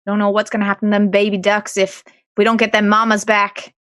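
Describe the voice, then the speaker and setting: A woman playing her character in a tabletop role-playing game, talking in a folksy, brisk way. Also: mid-range voice, monotone, a bit bright, no echo, clean studio sound. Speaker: player.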